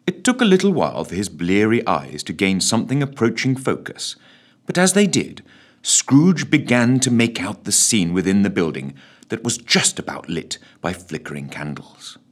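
A man's voice: lowish voice, very animated, normal speed. A man narrating a comic story with a wry, mock-solemn delivery.

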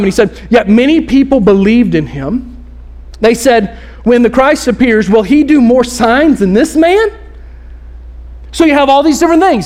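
A man delivering a sermon from the pulpit with a high, light voice. He speaks casually and with lots of energy, slipping into the voices of the people in the story as he tells it. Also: lively intonation, moderate pace, a little mellow. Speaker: pastor. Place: church.

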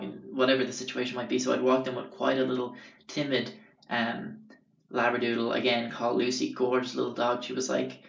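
A man's voice: medium pitch, vocal fry. A young man with an Irish accent tells stories from his life in a rambling, sweary way with lots of fillers. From Ireland. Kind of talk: casual storytelling. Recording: roomy, distant, dull sound.

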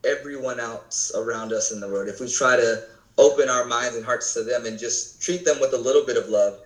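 A man's voice: medium pitch, brisk. Earnest man in an echoey room. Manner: earnest, searching for words. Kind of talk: casual faith conversation.

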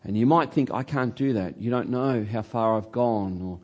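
A male pastor preaching a sermon in a church hall, telling a story with animated delivery and drawn-out key words. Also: medium pitch, lo-fi sound.

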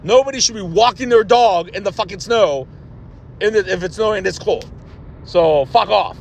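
A man's voice: high-pitched, moderate pace, creaky, slight background noise. A man hosting a podcast, delivering a blunt, profane, exasperated rant. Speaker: podcast host. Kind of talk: ranting podcast monologue.

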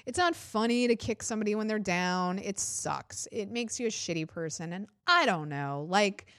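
Woman podcast host, casual and profane, animated mock quotes, dry close mic. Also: medium pitch, moderate pace, no room sound. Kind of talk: casual political comedy podcast monologue.

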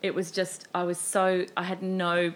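A woman's voice: fairly low pitch, measured pace. A woman talks as a guest, storytelling with energy and slipping into her younger self. Her voice sits mid-range. A faint noise runs under the recording. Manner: animated, storytelling, acts out her past self. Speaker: guest, cabaret performer. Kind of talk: casual chat.

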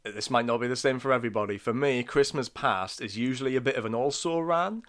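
Animated man gushing about a film. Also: medium pitch, quick pace. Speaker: podcast co-host. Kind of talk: casual film podcast chat.

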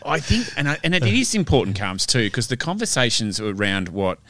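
A man's voice: medium pitch, sing-song, fairly quick, pushed and bright. A man co-hosting a podcast interview, speaking casually and agreeably. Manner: casual, agreeable with short backchannels. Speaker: podcast co-host.

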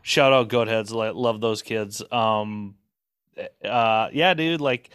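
Chill midwest guy, smooth voice, dry close mic, says dude a lot. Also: lowish voice, slow, fairly bright tone, no room sound. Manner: laid-back, says dude a lot, filler-heavy. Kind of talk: casual chat.

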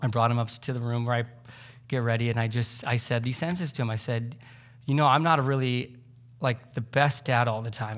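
A man's voice: mid-range voice, fairly even intonation, brisk, fairly bright tone. A man in his thirties, a pastor giving a sermon in a church, talking in a loose, conversational way with many fillers. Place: church sanctuary.

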